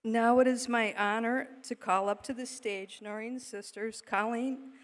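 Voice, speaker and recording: A woman's voice: on the high side, steady tone, measured pace. A woman presenting an award at a ceremony in a large hall, formal and heartfelt. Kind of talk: ceremony introduction.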